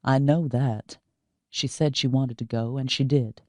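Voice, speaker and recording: A woman's voice: a bass voice, a little slow, no echo. A woman voicing a guarded, stubborn grown man in an audiobook, clipped and curt. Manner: clipped, flat, curt replies. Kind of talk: audiobook character voice.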